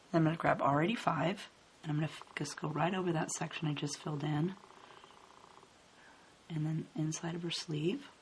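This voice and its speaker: A woman calmly narrating a step-by-step coloring tutorial, explaining each stroke as she works. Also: low voice. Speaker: card-making instructor. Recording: faint hiss in background.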